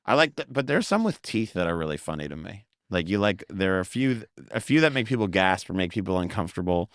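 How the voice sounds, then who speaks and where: A man from the United States, a comedian guest in a casual interview, talking quickly with many fillers and some swearing. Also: low voice, very animated, no room sound, studio quality.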